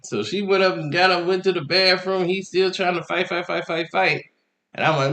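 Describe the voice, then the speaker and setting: A young man telling a comic dating story in a slangy, animated way, laughing often. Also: sits high, normal speed. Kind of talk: comedic storytelling. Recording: echoey room.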